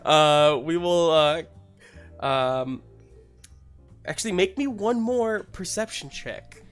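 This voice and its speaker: A man narrating a tabletop game as its game master. He drawls along slowly and loosely, stacking up fillers as he describes the scene. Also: a little high, clear, resonant tone, faint music behind.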